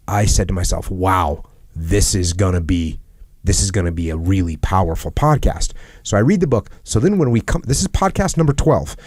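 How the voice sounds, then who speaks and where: Recorded dry with clean studio sound, this middle-aged podcast host from the United States speaks at a medium pitch with a slightly mellow tone. He's earnest and reflective in conversation, repeating phrases to drive points home.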